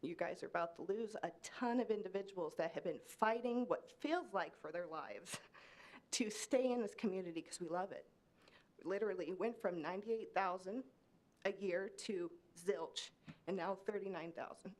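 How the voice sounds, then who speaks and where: A woman's voice: medium pitch, normal speed, a little mellow. A woman from Kansas speaking during public comment at a city meeting, pleading and emotional, her voice rising. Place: city commission meeting room.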